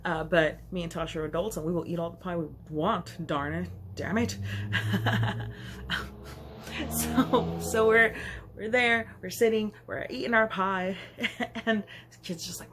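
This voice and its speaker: A chatty young woman spinning a casual storytime tale for her channel. She rambles, sidetracks herself and laughs often, with a medium-pitched voice. Faint noise sits under the recording. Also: fairly even intonation, unhurried, pauses often. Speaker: vlogger.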